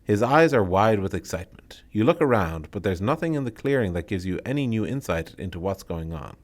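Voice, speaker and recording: A man's voice: lowish voice, animated. A man reading a solo tabletop horror game aloud and breaking off to comment on his choices. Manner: reads the text aloud, then adds quick asides about his choices. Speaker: solo game player and narrator.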